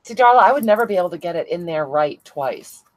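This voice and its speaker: A woman's voice: lowish voice, animated, fast, poor audio. A woman hosting a casual crafting livestream, chatting and laughing as she answers viewers by name. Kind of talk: casual livestream chat reading viewer comments.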